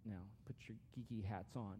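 A man's voice: lowish voice, fairly even intonation, normal speed, mellow, slight background noise. A man giving a conversational, earnest sermon as a pastor, with frequent restarts.

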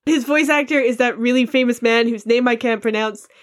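A woman's voice: on the high side, a little fast. A woman co-hosting a video game podcast in casual chat, frank and swearing freely. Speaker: podcast co-host.

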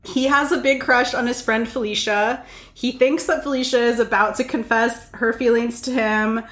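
A woman's voice: a little high, fairly even intonation, normal speed, fairly bright tone, reverberant. A woman co-hosting a podcast, recapping a movie casually with wry asides. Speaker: podcast co-host. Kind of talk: casual chat, summarizing a film plot.

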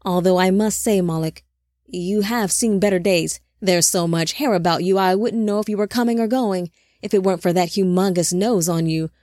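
Smug commanding male angel leader, mocking, lowish mellow voice, dry sound, read by a woman. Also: normal speed, no room sound, natural voice. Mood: taunting.

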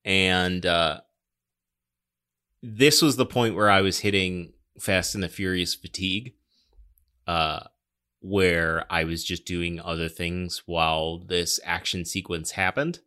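A man's voice: sits low, steady tone, slow pace, bright, forceful tone, clean tone. A young man co-hosting a casual film review podcast, sarcastic, swearing and laughing often. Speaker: podcast co-host. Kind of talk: casual movie review chat.

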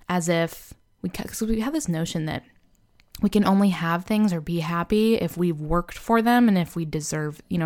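This podcast host is a young woman running a laid-back motivational show, her speech loose and frank and peppered with "like" and "you know." She has a lowish voice with a somewhat dark tone, and her manner is candid and self-deprecating.

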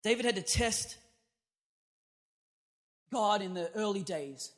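A man preaching an energetic sermon as pastor, emphatic and punchy, calling out to his congregation. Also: high-pitched, takes it slowly.

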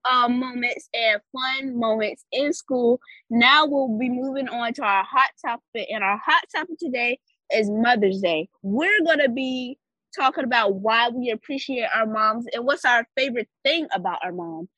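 A woman's voice: on the high side, normal speed, pushed and bright, no echo, poor audio. A teenage girl with braces co-hosting a student podcast, upbeat and earnest. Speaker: podcast co-host. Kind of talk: casual chat.

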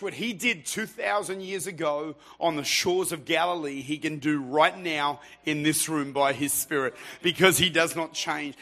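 A man preaching a sermon in church, moving from quiet storytelling to fervent, shouted exhortation. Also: on the high side, normal speed, few pauses. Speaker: pastor.

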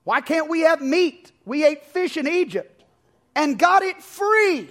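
A grumbling, petulant complainer whines in a strained, very high voice, drawn out and nasal. A man puts it on mid-sermon. It sounds sulky and put-upon. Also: animated, measured pace, fairly bright tone, full character voice. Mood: whiny. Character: whining complaining Israelite crowd voice, petulant adult.

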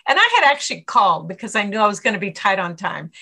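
A middle-aged woman, a stress coach, answering interview questions and telling lively anecdotes in which she acts out her own inner voice. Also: mid-range voice, fast talker, gravelly. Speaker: author and stress coach guest.

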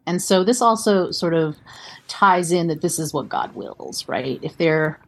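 Husky-voiced woman telling a story. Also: fairly low pitch, lively intonation, measured pace. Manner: chatty, laughs often, reads quotes aloud. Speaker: podcast co-host. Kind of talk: casual storytelling chat.

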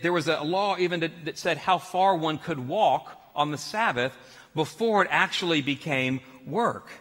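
A man's voice: on the high side, in a large hall. A man preaching a sermon as pastor, telling stories with laughs. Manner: storytelling, animated with laughs.

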